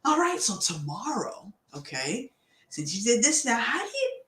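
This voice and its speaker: Kind inner-voice figure, high and hushed, put on by a woman, gentle and encouraging, in a roomy space. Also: big pitch swings, moderate pace. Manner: soft, coaxing, checks in kindly. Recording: roomy echo.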